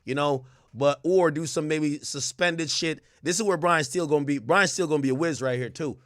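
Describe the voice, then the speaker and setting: A man's voice: a little high, fairly quick, a bit bright, no echo, clean studio sound. A man hosting a livestream, giving profane, joking commentary and laughing often. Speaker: livestream host. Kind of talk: comedic legal commentary stream.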